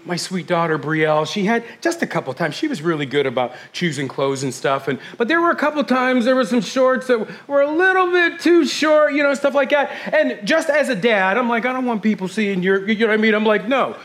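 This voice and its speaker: A middle-aged man preaching a sermon as pastor, fast and intense, swinging from hushed whispers to loud bursts. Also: very high voice, animated.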